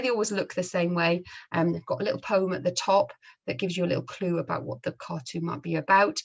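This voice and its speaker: A woman's voice: lowish voice, gravelly. A woman from the north of England, a primary school teacher, chatting to pupils about comic strips in a friendly, explaining way with fillers. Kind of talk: recorded book sharing for pupils.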